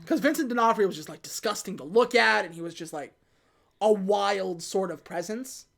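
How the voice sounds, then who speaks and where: A woman hosting a podcast, casually retelling a film plot and quickly acting out the characters' lines. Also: medium pitch, gravelly. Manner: animated retelling with quick put-on quotes. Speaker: podcast host. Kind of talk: casual movie recap chat.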